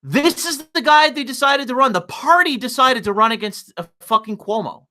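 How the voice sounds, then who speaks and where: A man giving an exasperated, profanity-laden political rant on a livestream. His voice swings up and down all the time, with a bright, sharp edge, and he keeps repeating himself and restarting mid-sentence. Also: extremely high pitch, animated, moderate pace. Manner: repeats words and restarts when worked up. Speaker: political commentator.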